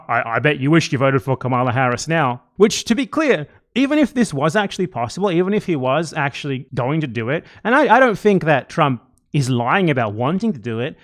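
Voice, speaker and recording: A man hosting a livestream, ranting about politics in an angry, profane, hammering way. His voice sits fairly high and jumps around a lot, with sudden surges in pitch as he drives his points home. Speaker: livestream host. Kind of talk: political commentary rant.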